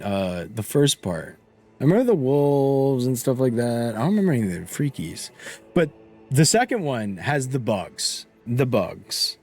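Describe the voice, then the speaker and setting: A young man chats loosely with his live-stream audience while he plays, his pitch jumping up and down as he rambles. He trails off mid-thought, restarts, and laughs a lot, with hiccups catching his voice. Faint music runs underneath. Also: lively intonation, unhurried, a little mellow. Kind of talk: casual live-stream chat while gaming.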